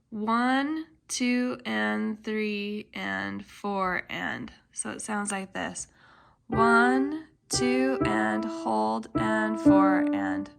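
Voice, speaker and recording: A woman's voice: medium pitch, vocal fry, fairly bright tone. A woman teaching a piano lesson, explaining the music patiently with frequent ums and counting beats aloud. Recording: piano playing underneath.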